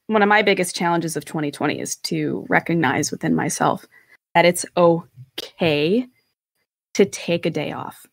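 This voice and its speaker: A woman with a lowish voice co-hosts a casual podcast chat. She tells stories candidly and animatedly, with the odd swear word. The sound is dry and close. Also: gravelly, no room sound. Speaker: podcast co-host.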